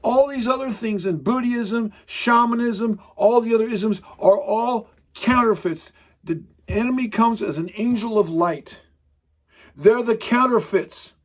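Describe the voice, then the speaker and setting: A man's voice: very high-pitched, unhurried. A man preaching a sermon, talking in an emphatic, rambling way with frequent restarts. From Pacific Northwest, United States.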